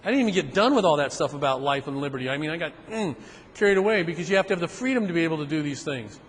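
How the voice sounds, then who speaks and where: A man giving a seminar talk, telling stories in an animated way and acting out other people's voices. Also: fairly high pitch, racing, a little hiss or hum. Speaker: seminar speaker. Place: seminar room. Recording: reverberant hall with faint ambience.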